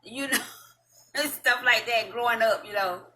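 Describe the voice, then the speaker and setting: Bright-voiced Southern woman chatting casually. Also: on the high side, a little slow. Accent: Southern US (North Florida, Georgia-like). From Madison, Florida, US South. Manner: rambling, folksy, laughs often, many ums. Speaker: vlog host. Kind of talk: casual chat to camera.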